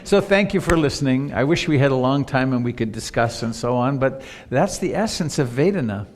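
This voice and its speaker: A man's voice: medium pitch, lively intonation, a little fast. A man in his sixties, a meditation teacher giving a live dharma talk, telling personal stories reflectively. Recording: long hall reverb, live stream.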